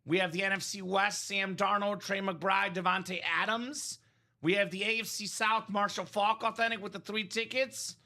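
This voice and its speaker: A man's voice: high-pitched, fairly even intonation, normal speed, bright, forceful tone. A man hosting a live sports memorabilia break, chatting energetically and rambling through values and asides. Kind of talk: live-stream sales chat.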